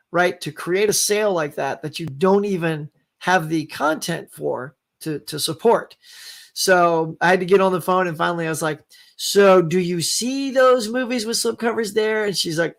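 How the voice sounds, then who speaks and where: A man's voice: sits high, gravelly. A man hosting a casual live-stream chat, ranting with animation and mimicking others in quoted lines. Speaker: host.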